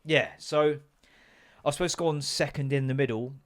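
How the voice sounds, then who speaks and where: Sweary rambling comedian. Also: male voice, fairly high pitch, fairly even intonation, a little fast. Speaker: podcast host and stand-up comedian. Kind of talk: casual comic rant.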